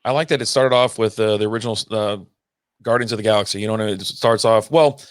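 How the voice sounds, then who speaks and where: A man co-hosting a casual reaction chat, relaxed and rambling, checking in with his co-host often. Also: lowish voice, quick pace, dry recording, studio quality. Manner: relaxed, rambling, keeps saying you know what I mean.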